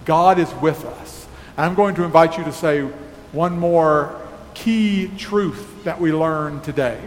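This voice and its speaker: Guy pastor preaching a sermon real slow, echoey church hall, bit of background hiss. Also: a little high. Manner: slow, emphatic preaching with a closing prayer. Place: church sanctuary. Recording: echoey hall with faint noise.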